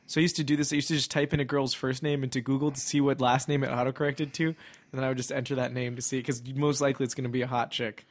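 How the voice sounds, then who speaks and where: A man's voice: medium pitch, flat delivery, racing. A man co-hosting a casual podcast, telling rambling stories and giggling. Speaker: podcast co-host. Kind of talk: casual chat.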